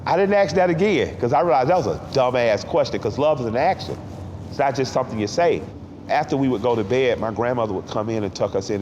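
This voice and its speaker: A man in his forties, a guest in an interview, speaking in a heartfelt way and sometimes tearful, pausing and repeating words when moved. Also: mid-range voice, darkish tone, big-room sound, highs cut off, a little hiss or hum. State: tearful at times. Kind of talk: emotional reflective interview talk.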